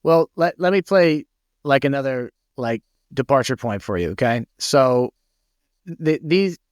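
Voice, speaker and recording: A man's voice: medium pitch, animated, measured pace, dry recording, clean studio sound. A man hosting a podcast, talking in a thoughtful, rambling way with many restarts. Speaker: podcast host. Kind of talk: casual conversation.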